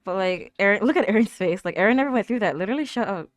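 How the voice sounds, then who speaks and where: Lively young woman reacting to a show. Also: mid-range voice, racing, dry recording. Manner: chatty, exclaims and laughs, talks back at the screen. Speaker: anime reaction host. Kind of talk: casual reaction commentary.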